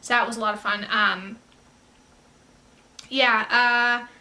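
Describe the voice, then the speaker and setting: A woman with a fairly high, bright, forward voice gives casual reaction commentary. She rambles and effuses, often stopping to correct herself mid-sentence. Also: steady tone, slow pace. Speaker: reaction video creator.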